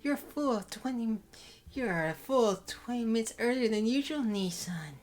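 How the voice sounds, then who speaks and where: A man voicing a proper, sharp-eyed younger sister in a visual novel, prim and questioning. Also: very high voice, lively intonation, measured pace, voice pushed up. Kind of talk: reading visual novel lines aloud.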